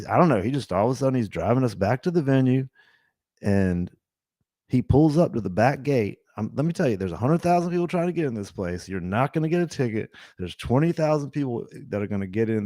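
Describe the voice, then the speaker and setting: Mellow, rambling man in his fifties. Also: medium pitch, dry recording, clean studio sound. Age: 50s. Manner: rambling, with many restarts and laughs. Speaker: podcast host. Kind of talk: casual storytelling.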